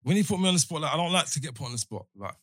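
Young man, husky and hesitant, fairly high voice, dry mic. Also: very animated, racing, fairly bright tone, no room sound. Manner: hesitant, defensive, stammers. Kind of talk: casual chat.

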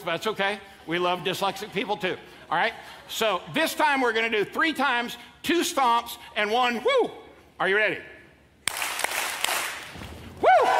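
Preaching in a large church auditorium, a man in his fifties with a very high voice jokes with his congregation and leads call-and-response. The recording has hall reverb, faint ambience, and a noisy background.

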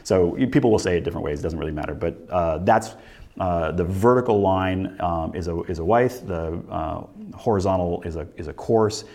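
A man teaching a recorded lesson, explaining step by step in a relaxed way and thinking aloud with many fillers and restarts. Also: low voice, moderate pace, creaky. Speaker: instructor. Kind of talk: recorded lecture walkthrough.

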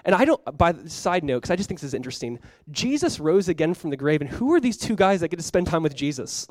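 A young man with a notably high voice preaches with animated, casual energy, talking to his congregation as if chatting with friends. The sound is dry and close, with almost no room around it. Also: fast, few pauses, dry recording. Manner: animated, conversational preaching with frequent "like". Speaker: pastor. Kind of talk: sermon.

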